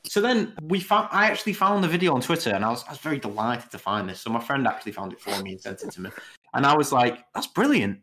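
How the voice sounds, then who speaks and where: This podcast co-host, a man in his twenties, talks fast in a medium-pitched, expressive voice with a sharp tone. His casual chat is rambling and hesitant, packed with "you know"s, over slight background noise.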